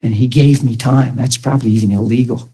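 A man's voice: medium pitch, fairly even intonation, a little fast, mellow, husky, low-quality recording. A man preaching an earnest testimony sermon, talking to his audience directly and conversationally.

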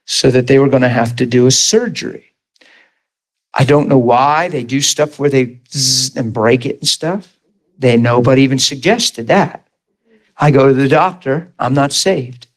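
Telling his testimony as a preached story, a man in his thirties or forties speaks at normal speed with medium pitch. He's animated, laughing frequently as he acts out the scenes.

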